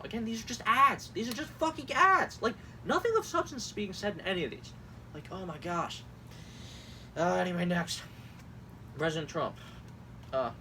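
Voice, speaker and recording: A man's voice: high voice, very animated, normal speed, sharp tone, far from the mic. A young man reading campaign messages aloud and reacting with sarcastic, exasperated commentary, swearing and laughing often. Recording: mic set back, faint room noise.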